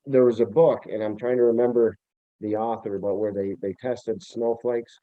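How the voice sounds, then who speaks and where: Low male guest from Vermont, rambling interview chat, tinny call audio. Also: steady tone, normal speed, dry recording. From Vermont, USA. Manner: rambling, searching for words, many restarts. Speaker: returning guest, TV producer. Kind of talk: casual interview talk. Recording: tinny phone-like remote line, dry.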